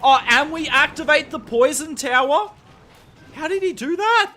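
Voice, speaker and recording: An extremely high-pitched young Australian man, talking at a moderate pace, streams a strategy game live. He offers excited play-by-play and chats to viewers in between.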